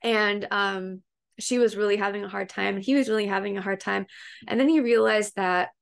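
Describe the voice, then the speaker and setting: A woman who hosts a self-help group talks casually to her viewers. She wanders through a story she has read, restarting her sentences and filling pauses as she goes. Her mid-range voice carries a noticeable gravelly vocal fry. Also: medium pitch, fairly even intonation. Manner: chatty and meandering, with fillers and restarts. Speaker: self-help coach and host. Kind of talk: casual retelling of a book story to an online group.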